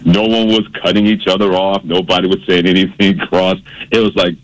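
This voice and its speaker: A man's voice: deep voice, little pitch movement, fairly quick, poor audio. A man hosting a sports radio show, telling stories and teasing a colleague in a playful way. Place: radio studio. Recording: radio broadcast.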